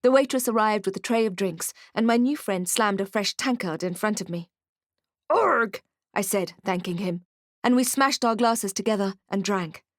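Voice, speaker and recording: A woman's voice: mid-range voice, normal speed, no room sound. Woman reading a fantasy audiobook, wry, dead dry studio sound. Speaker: audiobook narrator. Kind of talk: scripted first-person narration.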